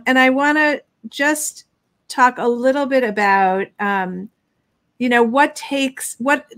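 Brisk woman hosting a live interview. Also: a little high, a bit bright. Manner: quick and eager, laughs readily. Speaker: host. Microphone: online live stream.

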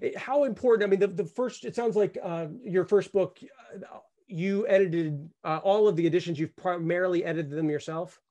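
A man's voice: sits high, moderate pace, mellow, muffled recording. A man hosting a live interview, asking thoughtful, somewhat hesitant questions with plenty of fillers. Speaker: host.

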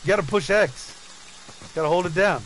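A man commentating his own gameplay, loud and profane, taunting and laughing, with swings from low mutters to shouts. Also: a little fast, slight background noise, rough recording. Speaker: gamer streaming play.

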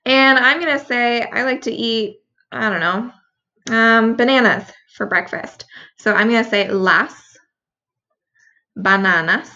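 A woman's voice: on the high side, unhurried, sharp tone, lo-fi sound. A woman teacher patiently walking students through a review lesson, explaining each answer step by step. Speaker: Spanish teacher.

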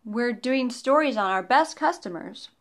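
A woman's voice: on the high side, animated, unhurried, a bit bright. A woman reading a storybook voices a polite, earnest young paperboy.

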